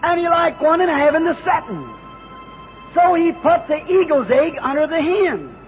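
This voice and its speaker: High-voiced fervent country preacher. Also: male voice, lively intonation, moderate pace. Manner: homespun country grammar, fervent and rising to shouts. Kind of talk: folksy storytelling sermon leading into an altar call. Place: church service. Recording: dull lo-fi tape with music behind. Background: music.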